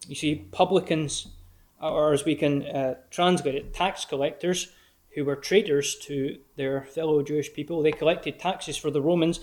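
A man preaches in a gospel hall, his voice sitting a touch high for a man. He speaks earnestly and directly to the listener. He slows down to read scripture with weight. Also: fairly even intonation, darkish tone. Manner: earnest, direct address to the listener, slow emphatic scripture reading. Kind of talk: sermon.

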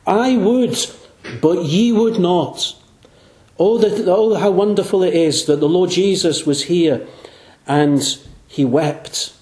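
In an echoey church, a man with a fairly high, mellow voice preaches an evangelistic sermon. He speaks earnestly, slowing down and dropping his voice low on the phrases he most wants to land.

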